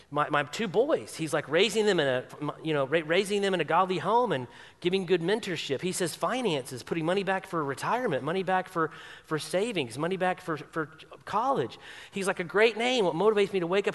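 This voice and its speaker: A man's voice: high-pitched, pushed and bright, big-room sound. A man preaching a sermon, emphatic, repeating phrases for weight. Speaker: pastor.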